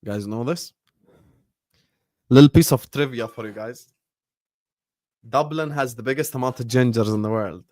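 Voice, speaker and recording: A man's voice: medium pitch, normal speed, pauses often, dark tone, dry recording, studio quality. A young man hosting a livestream, chatting in a rambling, slangy way and dropping in short Arabic phrases. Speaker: livestream host. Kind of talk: casual livestream chat.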